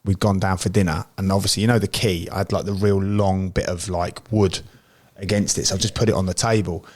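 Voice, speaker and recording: A man's voice: deep voice, flat delivery, a little fast, darkish tone. A middle-aged man from Britain, a former footballer, telling rambling, laughing anecdotes in casual podcast chat.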